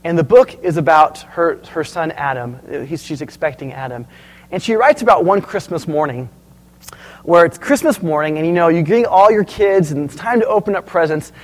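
Male pastor, high tenor, lively storyteller delivering a sermon to his congregation. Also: moderate pace, poor audio. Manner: storytelling, animated, asks the audience questions.

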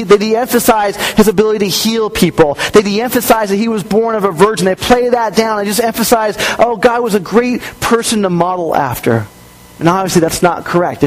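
A young man delivers a sermon in a high, bright register. His preaching is casual and conversational, animated as he acts out the voices of doubters. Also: rough recording. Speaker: pastor.

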